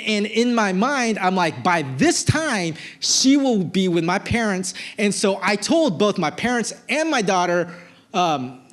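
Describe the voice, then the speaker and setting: A male pastor preaching a sermon, telling a personal story in a casual, animated way with plenty of filler words. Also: high-pitched. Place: church service.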